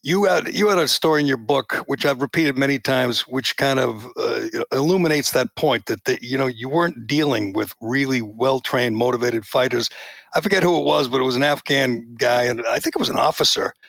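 A man's voice: mid-range voice, moderate pace, gravelly, a bit bright, no room sound. A man hosting an interview, asking pointed, leading questions in a casual way. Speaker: show host.

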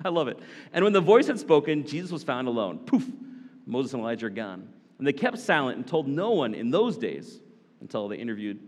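A man preaching a sermon as a pastor, animated, with casual asides to the congregation. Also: a little high, big-room sound.

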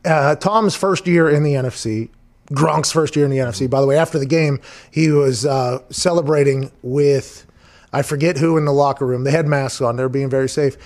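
A man's voice: medium pitch, fairly quick, darkish tone. A man hosting a sports talk show, rambling and emphatic in casual chat, swearing freely.

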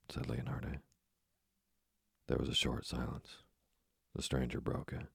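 A man narrating an audiobook in a measured, even manner, with a deep, husky voice. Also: dry recording, studio quality. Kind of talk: scripted narration.

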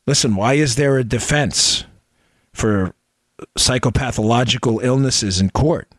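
A man's voice: mid-range voice, unhurried, no echo. A middle-aged man talks straight into a close microphone, hosting a political podcast in an impassioned monologue. He hammers his points with repeated rhetorical questions, in a mid-range voice captured in a dry, dead room. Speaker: podcast host.

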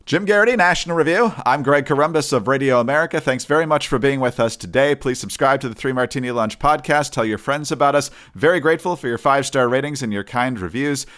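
A man hosting a political podcast, steady and measured with a wry edge, closing out the show. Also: medium pitch. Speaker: podcast host. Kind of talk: political chat and show outro.

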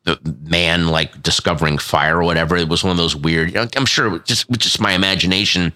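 Co-host, fifties, low-ish bright voice, lively anecdotes with stumbling restarts. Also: male voice, quick pace. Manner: animated storyteller, stumbling restarts. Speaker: podcast co-host. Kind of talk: casual chat.

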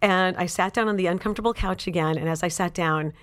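Chatty woman telling a story, slightly low voice. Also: fast. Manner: animated and chatty, many "like" and "you know" fillers. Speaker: actress and author, interview guest. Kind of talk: casual anecdotal storytelling.

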